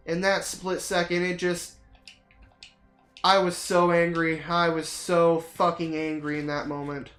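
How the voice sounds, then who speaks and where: A streamer rambling to viewers while playing a game, swearing a lot and ranting in a dramatic, excitable way. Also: mid-range voice, a little slow, roomy sound, soft background music.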